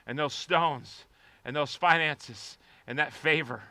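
High, bright-voiced preaching pastor. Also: male voice, measured pace, clean tone, no room sound. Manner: passionate preaching, swinging from quiet prayer to shouting. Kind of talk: sermon.

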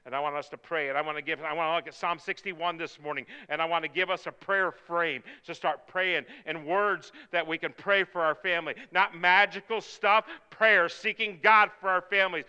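A man preaching a sermon, swinging from hushed, slow prayer to shouted appeals. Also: high-pitched, steady tone, clean tone. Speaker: pastor. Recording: long hall reverb.

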